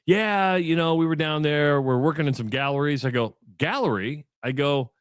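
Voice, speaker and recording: Radio co-host, middle-aged man, slightly high voice, rambling, animated storytelling, dry studio sound. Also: normal speed, clear, resonant tone, dry recording. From Iowa. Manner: rambling, animated storyteller acting out both sides of a chat. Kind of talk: casual storytelling on sports radio.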